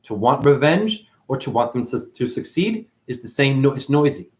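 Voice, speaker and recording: A man's voice: medium pitch, big pitch swings, moderate pace. A man giving a spiritual monologue as a teacher, preachy and profane, firing one rhetorical question after another.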